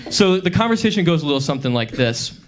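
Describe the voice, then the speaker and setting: A young man in his twenties doing a stand-up comedy set on a club stage, telling stories with pauses before the punchlines. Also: a little high, very animated.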